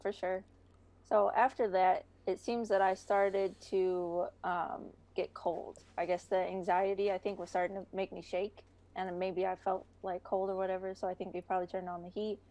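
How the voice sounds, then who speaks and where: A woman's voice: mid-range voice, little pitch movement, moderate pace, mellow. A young woman talking as a podcast guest in a casual chat, chatty with many fillers and frequent laughter.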